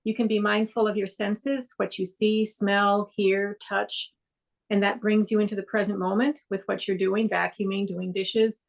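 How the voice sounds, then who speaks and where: A woman teaching a mindfulness class over a video call, talking gently and meandering with frequent fillers. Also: medium pitch, little pitch movement, normal speed, vocal fry, low-quality recording. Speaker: meditation instructor. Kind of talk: guided meditation class.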